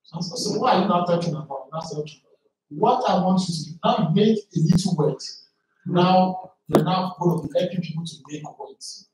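A man's voice: high voice, moderate pace, background noise. Man telling his story in an echoey hall. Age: 40s. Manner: earnest storytelling, preacher-like. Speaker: panel guest. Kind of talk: testimony at a live panel. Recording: very echoey hall, mic far off.

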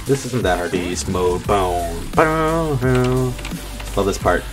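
A man's voice: lowish voice, lively intonation, slow pace. A man giving casual gameplay commentary, frustrated, swearing, and talking himself down. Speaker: gaming video creator. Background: faint game music.

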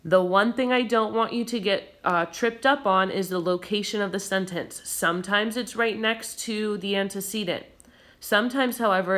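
A woman teacher explaining a recorded grammar lesson patiently and clearly, with occasional fillers. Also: fairly low pitch, a bit bright.

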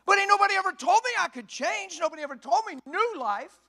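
A man preaching a sermon in a church, folksy and emphatic, often rising to a shout. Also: very high-pitched, animated, quick pace.

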